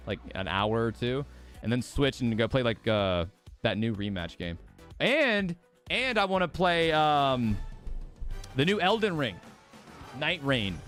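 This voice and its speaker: A man's voice: on the high side, a bit bright. A young man streaming, chatting casually and rambling with his viewers, laughing often. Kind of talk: casual livestream chat.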